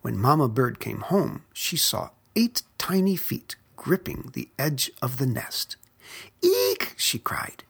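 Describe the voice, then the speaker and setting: A storyteller softly whispers a children's picture book, taking it slowly and gently. The voice is very breathy with a gravelly texture, and its pitch rises and falls expressively. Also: expressive.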